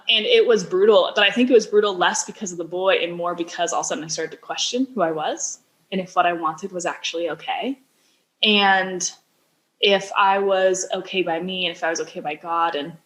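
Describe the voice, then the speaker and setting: A woman's voice: on the low side, a little fast, fairly bright tone. A woman in her thirties, a business founder, speaking as a podcast guest and telling a personal story in a chatty way, saying "like" often and acting out quoted dialogue.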